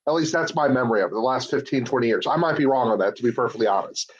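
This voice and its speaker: A blunt man with a middling pitch, rambling through his opinions with plenty of profanity. His voice sounds a little worn from a long day of talking. The recording is dull and lo-fi. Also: animated, very fast, husky. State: slightly hoarse from talking all day. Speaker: podcast co-host, lawyer. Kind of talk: casual opinionated chat.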